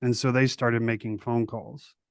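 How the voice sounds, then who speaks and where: A man's voice: mid-range voice, level tone, moderate pace, no echo, studio quality. A man hosting a podcast interview, talking in a laid-back, slangy way with lots of fillers. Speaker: podcast host. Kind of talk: casual interview chat.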